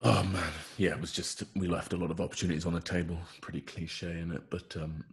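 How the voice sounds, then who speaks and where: A man's voice: sits low, little pitch movement, fast, vocal fry. A man, a rugby player, chatting in a laid-back way with lots of fillers and trailing thoughts. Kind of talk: casual chat.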